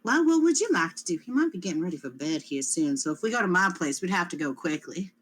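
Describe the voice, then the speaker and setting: A woman's voice: lowish voice, big pitch swings, fast, slightly rough. A woman playing in a tabletop game, playful and giggly, thinking aloud as she talks. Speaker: player. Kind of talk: tabletop role-play chat.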